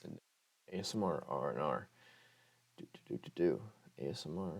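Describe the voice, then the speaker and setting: A man's voice: extremely low pitch, very animated, moderate pace, creaky, slightly rough. A young man hosting an ASMR channel, chatting casually about other creators, rambling and hesitant with many fillers, his voice sounding a bit off. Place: room with Pokemon items.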